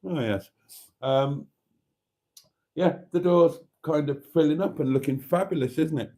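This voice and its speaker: A man's voice: fairly high pitch, a little slow, warm tone. A Welsh man hosting a casual livestream in a theatrical, camp, chatty manner, reading out viewers' comments. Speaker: livestream host. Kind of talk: casual live chat.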